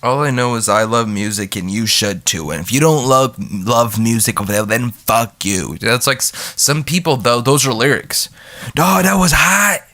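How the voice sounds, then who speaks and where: A man's voice: lowish voice, moderate pace, few pauses, fairly bright tone. A man hosting his own podcast, talking in a rambling, goofy way, swearing freely and breaking off into bits of song. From United States. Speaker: podcast host. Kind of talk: rambling solo podcast talk.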